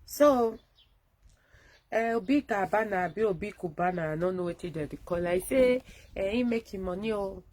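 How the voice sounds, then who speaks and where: A woman's voice: mid-range voice, brisk, hardly any pauses, a little mellow, no echo, rough recording. A woman with a Nigerian accent giving a fervent, rallying address to viewers on a live phone video from a friend's home. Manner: fervent, rallying, mixing Pidgin and English. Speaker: activist broadcaster.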